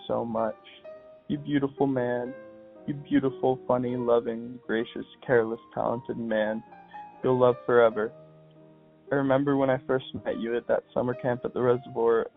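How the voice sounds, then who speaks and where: A young man, a podcast guest, speaking in a soft, halting, heartfelt way as he reads aloud and chats. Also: medium pitch, creaky. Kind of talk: reading aloud and casual phone chat. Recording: tinny phone line with faint music.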